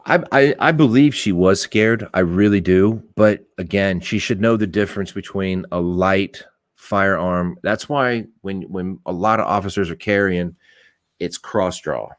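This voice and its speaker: Middle-aged male podcast host, very low voice, blunt and rambling, swears freely, dry close recording. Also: unhurried, dry recording. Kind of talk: casual opinionated talk.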